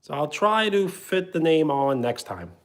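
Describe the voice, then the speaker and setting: A man's voice: a little high, very animated, unhurried. A man hosting a livestream, chatting casually and playfully with viewers and joking with his chat. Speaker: livestream host.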